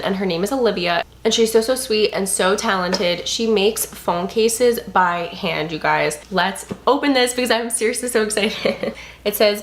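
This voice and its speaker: A young woman chatting straight to camera in a casual unboxing vlog, gushing over each item with excitable, breathless delight. Her pitch sits mid-range for a woman, and a faint hiss of background noise runs under the camera-mic sound. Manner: gushing, excitable, many "like" and "you guys". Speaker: beauty and lifestyle vlogger.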